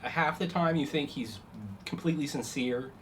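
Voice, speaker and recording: A man's voice: a little high, normal speed, a little hiss or hum. A man running a tabletop game as game master, narrating loosely with many fillers. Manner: rambling, many fillers, laughs at own jokes.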